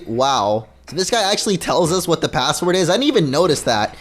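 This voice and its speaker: A man hosting a gameplay video, commenting in a goofy, joking and excitable way. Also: fairly high pitch, brisk, hardly any pauses, faint music behind. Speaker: let's play host.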